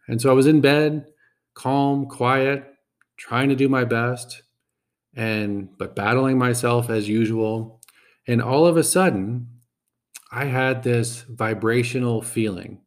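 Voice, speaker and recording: Speaking in a lowish voice, a man hosting a podcast shares a personal story. His delivery is halting and thoughtful, with many repeated words.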